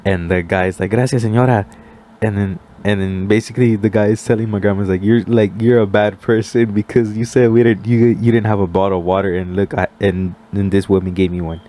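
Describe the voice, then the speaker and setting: A man's voice: lowish voice, fairly quick, a little hiss or hum. A young man on a casual podcast, telling a story with lots of "like" and acting out what other people said. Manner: animated storyteller, acts out quoted voices, many "like" fillers. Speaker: podcast guest.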